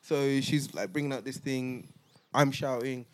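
A man hosting a podcast, telling a travel story in a casual, animated way, laughing and acting out other people's voices. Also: mid-range voice, unhurried. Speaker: podcast host.

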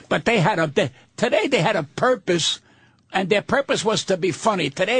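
Gravelly, cursing older comedian. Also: male voice, a little high, fairly bright tone, no room sound. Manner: blunt, cursing, combative. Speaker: guest comedian. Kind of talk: profane comic rant.

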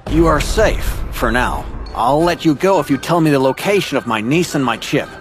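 A man puts on a drawling, menacing middle-aged uncle who runs a gang, his voice pitched a little higher and swinging widely as he snaps out threats. Music plays beneath the storybook narration. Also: animated, normal speed, lightly acted. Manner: drawling, snapping.

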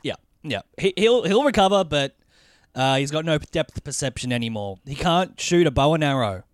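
A man's voice: on the high side, lively intonation, moderate pace, dry recording, studio quality. A man co-hosting a podcast, chatting casually, often agreeing with yeahs. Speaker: podcast co-host. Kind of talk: casual chat.

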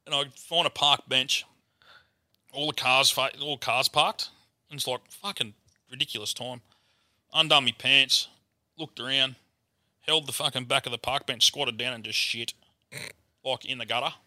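A man's voice: medium pitch, normal speed, long pauses, no echo, studio quality. An Australian man, a comedian, telling a crude story in casual chat. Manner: crude, swearing, animated yarn-telling. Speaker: guest comedian.

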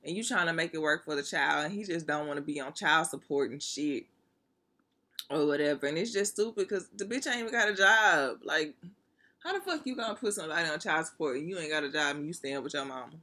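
A woman's voice: deep voice, animated, quick pace, sharp tone. A woman talking straight to her listeners in a casual, candid monologue, blunt and full of profanity, laughing now and then.

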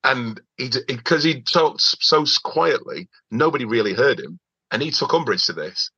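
Male comedy guest, animated storyteller with a bright, slightly husky voice, dry dull lo-fi sound. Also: medium pitch, normal speed, dry recording. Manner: animated anecdote-telling with repeated restarts. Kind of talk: casual podcast chat, storytelling. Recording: dull lo-fi recording.

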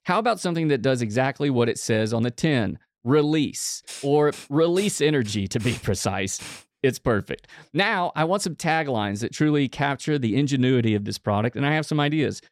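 A man's voice: mid-range voice, lively intonation, moderate pace, no room sound, studio quality. Man chuckling while reading aloud. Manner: chuckles through his reading. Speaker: podcast co-host. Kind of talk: reading a story aloud on a comedy podcast.

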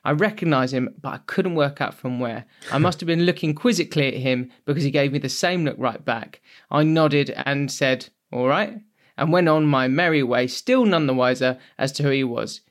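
A man's voice: medium pitch, moderate pace. A young man co-hosting a podcast, telling anecdotes in casual chat and laughing often. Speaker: podcast co-host.

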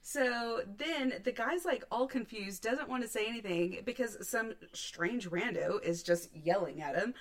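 A woman in her thirties telling a wild story on a podcast, swearing freely, laughing often and shouting out the lines she quotes. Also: fairly high pitch, lively intonation, measured pace, few pauses. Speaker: podcast co-host. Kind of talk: animated storytelling.

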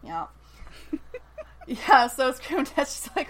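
A woman with a slightly higher voice chats about a TV episode on a podcast. She talks casually and jokes, tossing in playful side comments. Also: big pitch swings, slow, a little hiss or hum. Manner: chatty and jokey, with playful asides. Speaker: podcast co-host.

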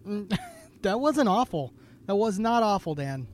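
Hesitant tipsy man with a high voice. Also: very animated, unhurried, slight background noise. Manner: self-deprecating, hesitant with many ums. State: tipsy from drinking. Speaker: podcast co-host. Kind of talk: casual chat.

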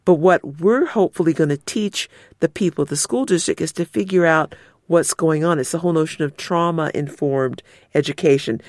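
Woman attorney as guest, animated storyteller, dry close sound. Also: normal speed, no room sound. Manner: expressive storyteller, acts out quotes with big pitch jumps. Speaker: civil rights lawyer, interview guest. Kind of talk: candid conversational interview.

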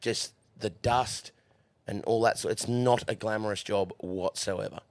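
On the low side, with fairly even intonation and a measured pace, this Australian man speaks as a guest on a casual studio podcast with no room sound. He swears freely and laughs while telling stories from the horse stables.

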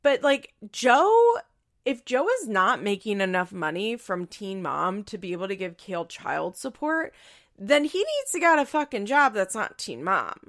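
A woman's voice: medium pitch, very animated, unhurried, fairly bright tone. A woman giving casual, opinionated commentary as she recaps a reality TV show, with a chatty manner full of "like" and the odd swear word. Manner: chatty and opinionated, heavy use of "like", occasional swearing.

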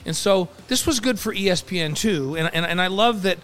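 A man's voice: high voice, a little fast, fairly bright tone. A man from New York co-hosting a casual sports podcast, talking in a loose way full of restarts and repeated words. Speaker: podcast co-host.

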